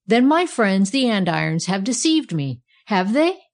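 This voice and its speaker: A woman's voice: medium pitch, very animated, unhurried, a little mellow. A woman reading aloud, voicing a greedy male giant who roars and snorts. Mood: roaring. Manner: roaring, gleeful.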